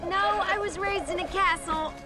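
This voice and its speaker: A woman voicing an eager, naive young princess who rambles breathlessly in animated film dialogue, with music underneath. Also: very high voice, normal speed, poor audio. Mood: bubbly, defensive. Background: film score music.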